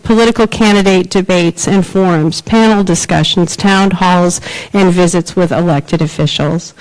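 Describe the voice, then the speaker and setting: A woman's voice: lowish voice, darkish tone, poor audio. A woman hosting a forum, reading a formal prepared introduction of the speaker. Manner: formal, reads from prepared remarks. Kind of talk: scripted introduction.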